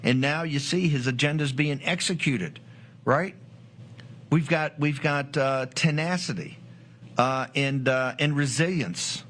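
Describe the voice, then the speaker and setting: Man, political commentator, forceful, rambling, filler words, emphatic. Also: a little high, a little slow. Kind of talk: broadcast political talk.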